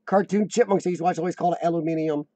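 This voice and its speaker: Man, American, high voice, mellow tone, dry close sound, rambling casual live-stream chat. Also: steady tone, very fast, no room sound. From United States. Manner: rambling, chatty, joking.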